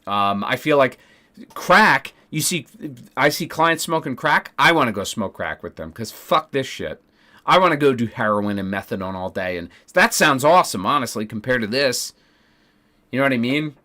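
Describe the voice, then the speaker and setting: A man's voice: mid-range voice, sing-song, normal speed, pushed and bright. A man telling a story to his stream chat, ranting with heavy profanity and emphatic repeats. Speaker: Twitch streamer.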